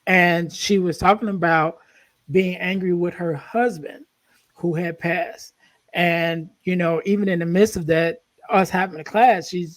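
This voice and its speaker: A man's voice: high voice, no room sound. A man hosting a podcast, telling stories in an earnest, rambling way with many restarts. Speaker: podcast host. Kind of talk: casual conversational storytelling.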